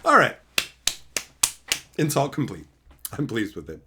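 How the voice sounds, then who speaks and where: A man's voice: mid-range voice, a little slow, noisy background. A man live-streaming as he opens card packs, chatting casually and hurling profane, mock insults with frequent laughs. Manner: excitable, laughs often.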